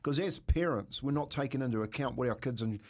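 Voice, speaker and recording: A man's voice: medium pitch, fast. A middle-aged man with a New Zealand accent, co-hosting a morning radio show and telling stories in casual chat, often repeating words as he goes. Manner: storytelling, repeats words when excited. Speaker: radio co-host.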